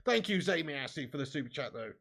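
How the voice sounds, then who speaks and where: Excitable football-fan host, sweary, high and sharp-toned, live watch-along commentary. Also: male voice, quick pace, gravelly. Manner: excitable, sweary, swings from grumbling to shouting.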